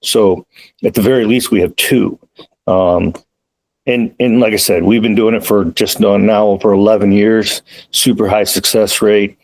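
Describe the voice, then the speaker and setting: A man, a police defensive tactics trainer, talking as a podcast guest in a relaxed, anecdotal way. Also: on the low side, normal speed, rough recording. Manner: relaxed, anecdotal, quotes others in lively asides. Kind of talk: casual conversational storytelling. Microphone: remote call.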